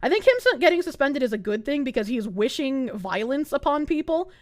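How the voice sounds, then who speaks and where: A woman's voice: sits high, very animated, a little fast, dry recording. A woman streamer ranting live in heated, sarcastic, profane commentary. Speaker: Twitch streamer.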